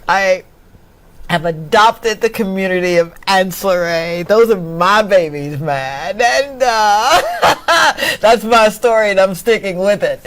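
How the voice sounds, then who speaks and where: A woman's voice: mid-range voice, unhurried. A woman talk show host from Mississippi, emotional and laughing often as she thanks her audience. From Mississippi, USA. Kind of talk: casual chat.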